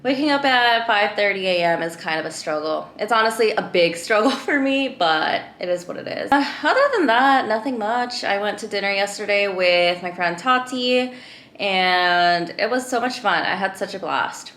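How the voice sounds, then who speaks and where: A young woman vlogging, telling a story in a chatty, animated way full of fillers. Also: medium pitch, moderate pace, reverberant. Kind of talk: casual vlog storytelling.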